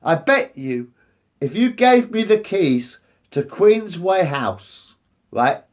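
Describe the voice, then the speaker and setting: A man's voice: high-pitched, very animated, takes it slowly. A man, ranting angrily and repetitively with lots of swearing. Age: 50s. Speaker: resident facing eviction. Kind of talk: angry rant to camera.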